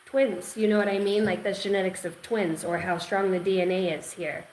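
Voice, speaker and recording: A woman giving an intuitive tarot reading, rambling and excitable, repeating words and swearing now and then. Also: medium pitch, moderate pace, slight background noise, rough recording. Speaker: tarot reader.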